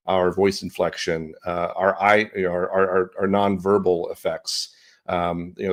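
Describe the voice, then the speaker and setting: Middle-aged guy, real low voice, animated coach talk, podcast guest. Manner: animated, expressive inflection. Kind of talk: business podcast interview.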